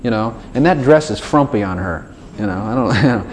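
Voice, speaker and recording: Over slight background noise, a man with a lowish voice preaches fairly quickly. His sermon is casual and conversational, and he animatedly performs dialogues between himself and God, switching voices for his prayers and God's replies.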